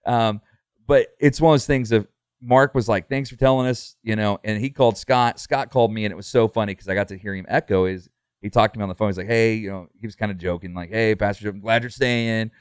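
Talking fast in a clear, resonant voice on the low side, a middle-aged pastor chats earnestly on a casual podcast. He fills his speech with fillers and restarts, and the studio-quality audio has no room sound.

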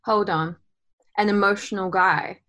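A woman's voice: medium pitch, fairly even intonation, a little slow, a bit bright. Reflective woman co-hosting a podcast. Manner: reflective, uses "like" often, playful analogies. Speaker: podcast co-host. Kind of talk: casual podcast conversation.

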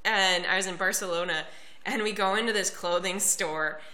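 Bright, chatty Kansas-raised podcast woman. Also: medium pitch, moderate pace. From Lawrence, Kansas, USA. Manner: relaxed and chatty, steering topics with frequent "like". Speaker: podcast co-host. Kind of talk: casual chat.

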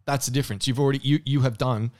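A man's voice: mid-range voice, steady tone, rapid-fire, a little mellow. A man co-hosting a podcast, giving earnest life advice in casual chat and swearing casually. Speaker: podcast co-host.

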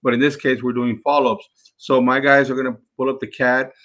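A man's voice: medium pitch, flat delivery, fairly quick, a bit bright. A man, hosting a podcast and giving an instructional talk, emphatic and repeating himself as he addresses the listeners as guys. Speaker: podcast host and sales trainer.

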